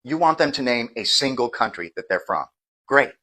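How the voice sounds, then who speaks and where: A man from the United States giving a measured, lecturing monologue that builds its argument step by step. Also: medium pitch, lively intonation, pushed and bright, low-quality recording. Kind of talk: explanatory monologue clip.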